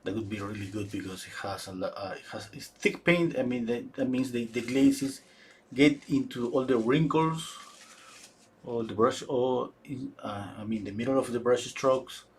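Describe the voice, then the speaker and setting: A man giving a live painting demonstration, thinking aloud in a halting way with frequent restarts. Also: medium pitch, a little hiss or hum. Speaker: painting instructor.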